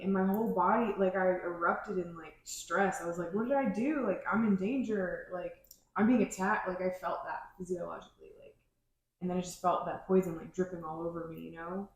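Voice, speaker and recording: A woman co-hosting a podcast, talking in a loose, rambling way full of "like". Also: lowish voice. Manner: rambling, heavy use of "like". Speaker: podcast co-host. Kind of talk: casual chat. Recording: very echoey room.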